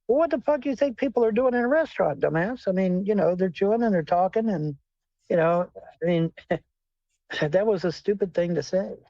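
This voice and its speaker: A man's voice: sits high, expressive, normal speed, creaky, dark tone, no echo. A man hosting a casual livestream chat, rambling and swearing bluntly as he talks with callers. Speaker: livestream host. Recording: dull lo-fi sound.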